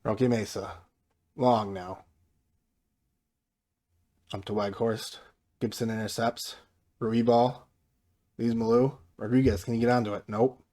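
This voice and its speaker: A man giving casual, mostly flat commentary over his own football management game, getting livelier when something happens. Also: a little slow, pauses often. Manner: mostly flat and low-key, jumping up excitedly at goals; self-described monotone delivery. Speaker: gaming YouTuber.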